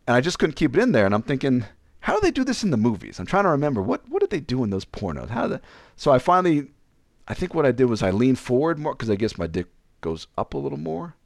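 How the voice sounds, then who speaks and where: Man, frank storyteller, rambling, acts out quotes, very expressive pitch. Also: fast talker, creaky, no echo, clean studio sound. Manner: frank, rambling, animated retelling with quoted dialogue. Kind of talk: candid personal storytelling.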